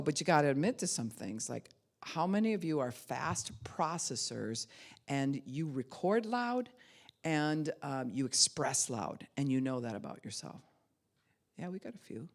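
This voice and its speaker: A middle-aged woman pastor giving a conversational teaching sermon, animated, swinging from loud outbursts to soft, slow asides. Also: sits low.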